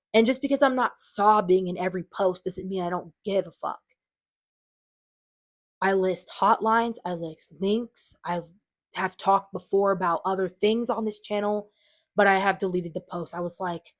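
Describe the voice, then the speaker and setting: A woman's voice: medium pitch, normal speed, pauses often. A woman talking to her viewers in an unscripted vlog, defensive and frustrated, rambling with lots of fillers. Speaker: channel owner.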